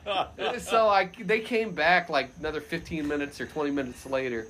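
Animated man telling a story, bright voice. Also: a little high, fairly quick, slight background noise. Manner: animated, loose, frequent laughter, shouts quoted lines loudly. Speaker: podcast guest. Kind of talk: casual anecdote storytelling.

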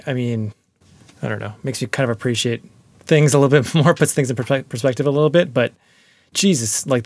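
A man chatting casually as a guest on a podcast, laid-back and loose, with lots of filler words, over a remote call. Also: medium pitch. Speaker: podcast guest and music producer. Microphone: remote call line.

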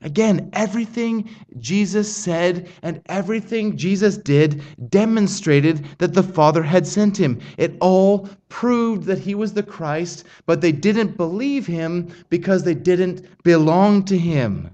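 A middle-aged man preaching a sermon, earnest and emphatic, reading scripture aloud with slow, weighted pauses. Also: high-pitched, mellow, dull audio.

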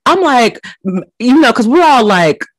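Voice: medium pitch, sing-song, a little slow, no echo. A podcast co-host chatting casually about a horror film, with dry, laid-back reactions.

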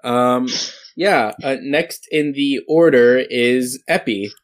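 A man running a tabletop game as game master, talking in a halting way full of ums. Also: medium pitch.

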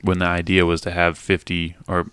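A man's voice: low voice, completely flat delivery, moderate pace, fairly bright tone, smooth, no echo. A man chatting casually on a podcast, blunt and opinionated, rambling with lots of filler words.

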